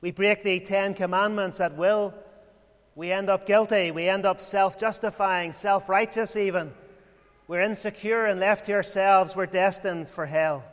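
A man preaching a sermon in a measured way, full of rhetorical questions and repeated phrases. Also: sits high, steady tone, a bit bright. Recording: long hall reverb.

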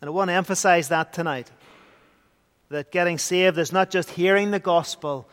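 A man preaches with a notably high voice, earnest and rising into emphatic bursts. His words ring out with a long church reverb trailing behind. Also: normal speed, fairly bright tone. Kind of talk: sermon.

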